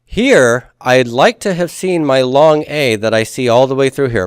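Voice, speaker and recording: A man's voice: medium pitch, animated, unhurried, clear, resonant tone, no room sound. Male grammar teacher, patient and methodical, folksy. Mid-range voice, dry close recording. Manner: patient, step-by-step explaining, has the class repeat forms aloud. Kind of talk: classroom lecture.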